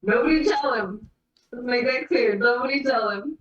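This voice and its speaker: A woman playing a tabletop game, chatting excitedly with the table. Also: on the high side, moderate pace. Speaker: player. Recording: echoey dull room far from the mic.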